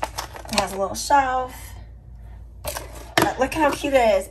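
A woman's voice: sits high, takes it slowly, long pauses. Chatty woman with a slightly scratchy voice. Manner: chatty, upbeat, addresses viewers as y'all and you guys. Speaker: vlogger. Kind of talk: casual haul video chat.

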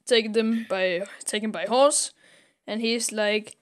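Slow and steady in tone, her fairly high voice carries a casual, comic retelling on a podcast she co-hosts. She acts out scenes with little voices and uses many fillers.

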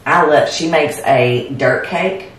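A woman's voice: low voice, slow pace, distant mic. A woman tells family stories with plenty of energy, acting out each quote as she goes. Her voice sounds set back from the mic in a very echoey room, and a faint hum of ambience sits underneath. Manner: animated storyteller, acts out family quotes. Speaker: co-host. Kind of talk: casual chat over bourbon tasting.

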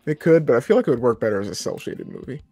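Man, podcast co-host, emphatic, repeats phrases, mid pitch. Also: animated, racing, warm tone, no room sound, soft background music. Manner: emphatic, repeats himself, laughs. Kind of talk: casual group chat.

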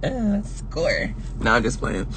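Loud, sassy man streaming from home: high, bright voice that swings widely, cuts in with quick profane comebacks. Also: huge pitch swings, a little hiss or hum. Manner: loud, projecting, sassy, profane, laughs often. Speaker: livestream host. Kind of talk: casual livestream rant.

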